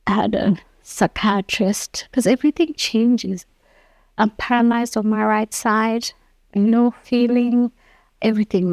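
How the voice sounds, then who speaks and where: A woman's voice: mid-range voice, vocal fry, darkish tone, no room sound. A woman in her fifties, an interview guest, telling her personal story earnestly and acting out the dialogue she quotes.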